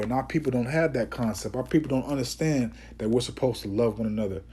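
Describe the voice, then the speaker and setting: A Bible teacher gives informal scripture teaching in an emphatic, preachy style, sprinkling his talk with "man" and "okay?". His voice is medium-pitched, warm and husky, and he slows into a declaiming voice to read Bible verses aloud.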